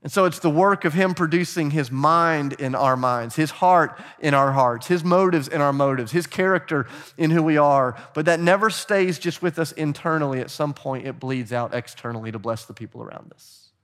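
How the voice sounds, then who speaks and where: A middle-aged man preaching a sermon as pastor, animated and urging the congregation to join in. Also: on the high side, moderate pace.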